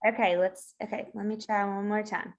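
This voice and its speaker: A woman's voice: mid-range voice, flat delivery, normal speed, lo-fi sound. A woman host in casual chat, hurriedly sorting out a playback problem. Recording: faint music behind.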